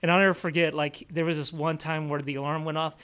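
A young man talks through a personal story as a podcast guest, rambling and self-deprecating, leaning on fillers. His voice sits a little high for a man. He sinks into a near hush when he retells the quiet moments. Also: level tone, fast talker, clear, resonant tone. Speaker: guest, police officer recounting his recovery. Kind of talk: casual storytelling in conversation.

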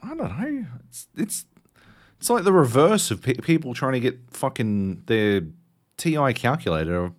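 An Australian man in his thirties co-hosting a casual podcast chat. He tells stories with lots of swearing. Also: moderate pace. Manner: animated, swearing storyteller, jumps high in pitch for quoted outbursts. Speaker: podcast co-host.

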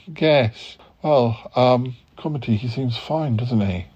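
A man's voice: mid-range voice, takes it slowly, darkish tone, slightly rough, muffled recording. A man hosting a comedy podcast, polite and hesitant, full of ums and stammered restarts. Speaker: podcast host. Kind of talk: improvised comedy sketch.

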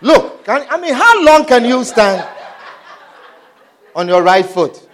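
A male preacher with a high, sing-song voice that swoops up and down as he talks. He preaches with animated energy and keeps checking in with his listeners, asking whether they understand. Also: slow. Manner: animated, repeatedly asks "Do you understand?". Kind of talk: sermon.

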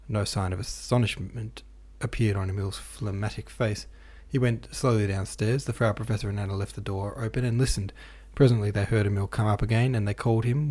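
A man reading a classic novel aloud as an audiobook narrator, with a measured, even delivery. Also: on the low side, slightly rough. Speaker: podcast host and audiobook reader.

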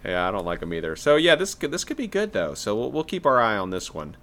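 A man's voice: lowish voice, wildly swooping pitch, quick pace, a bit bright. A young adult man co-hosting a podcast, introducing trailers in a casual, laid-back way. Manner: laid-back, says "man" and "yeah" a lot. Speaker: podcast co-host presenting trailers. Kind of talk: casual chat.

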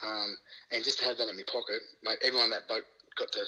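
A middle-aged man with an Australian accent, a guest telling lively anecdotes in a casual chat, laughing often and swearing casually. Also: on the low side, fast talker, poor audio. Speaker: guest, former rugby league player.

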